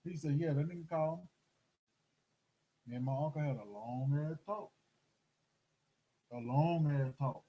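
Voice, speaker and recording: A middle-aged man telling a story in casual chat, animated and acting out the voices of the people in it. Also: fairly high pitch, normal speed, long pauses, slightly rough, poor audio. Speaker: host.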